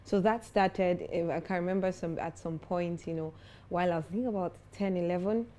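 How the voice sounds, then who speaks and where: A young woman speaks as an interview guest, earnest and self-assured. Her voice sits a little low and sounds mellow rather than bright. She talks with conviction and grows animated when she tells a story. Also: a little fast. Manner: earnest, confident, animated when telling stories. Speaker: foundation founder, guest. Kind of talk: interview conversation.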